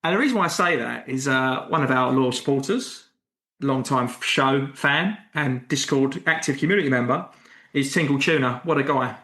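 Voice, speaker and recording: Podcast co-host, a man with a mid-pitched voice, teasing and mock-earnest, in a roomy, echoey space. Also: normal speed, pushed and bright. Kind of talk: casual comedic banter. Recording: echoey room.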